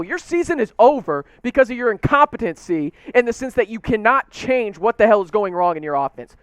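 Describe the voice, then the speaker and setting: A young man ranting about his football team in a high, very lively voice that swoops up when he gets worked up. His tone is smooth and clear, recorded close and dry with no room sound. He fires off rhetorical questions in open frustration. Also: brisk, hardly any pauses, dry recording. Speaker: sports show host. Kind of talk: animated sports commentary rant.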